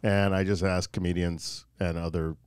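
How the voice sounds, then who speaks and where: A man's voice: sits low, level tone, normal speed, clear, resonant tone, dry recording, clean studio sound. A man from Florida, a comedian appearing as a podcast guest, riffing playfully and plugging his projects. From Florida, United States. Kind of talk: casual chat.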